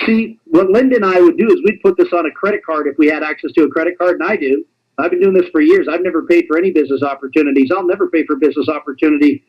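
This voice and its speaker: A man presenting a sales pitch on a webinar, in an animated, teasing, repetitive salesman patter. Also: slightly rough, highs cut off.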